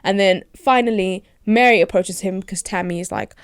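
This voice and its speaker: A woman's voice: medium pitch, fairly quick, hardly any pauses, dry recording, clean studio sound. A woman casually recapping a movie's plot in a chatty way, full of fillers and amused asides.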